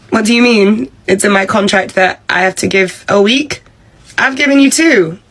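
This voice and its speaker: A woman's voice: medium pitch, moderate pace, fairly bright tone, poor audio. A woman performing comedy sketch dialogue, exasperated and sarcastic, swearing freely.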